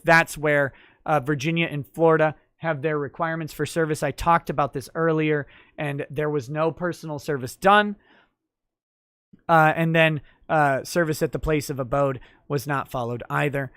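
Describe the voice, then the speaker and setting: A man's voice: a little high, steady tone, moderate pace, a bit bright, clean tone, no echo, studio quality. A man hosting a livestream talk show, explaining legal rules at length with frequent fillers. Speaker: host.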